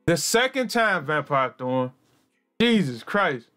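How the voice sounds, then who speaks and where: A man streaming a game live, excitable and swearing a lot as he yells at the game, with game music behind him. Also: a little high, slow. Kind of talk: live gameplay commentary.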